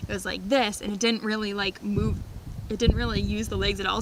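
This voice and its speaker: A young woman vlogging outdoors on a farm, casually telling funny stories with lots of laughs and excited squeals. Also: medium pitch, background noise. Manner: animated, laughing, squealing when retelling scares. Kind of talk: casual storytelling vlog.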